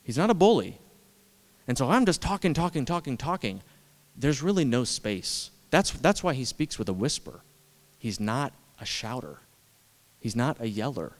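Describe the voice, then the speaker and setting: A man's voice: mid-range voice, big pitch swings, normal speed. A man preaching a sermon as pastor, conversational and self-deprecating, repeating words for emphasis. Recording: long hall reverb.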